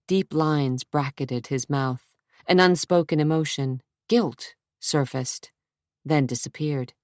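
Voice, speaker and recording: A woman narrating a suspense audiobook in a measured, steady storytelling manner. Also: sits low, dry recording, studio quality. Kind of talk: scripted narration.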